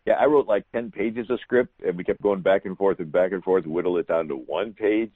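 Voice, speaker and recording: Man, deep and husky, talking guest on a tinny phone line, storytelling with fillers. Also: brisk, no echo. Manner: fluent, explanatory, many fillers. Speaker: guest historian. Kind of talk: storytelling interview answer.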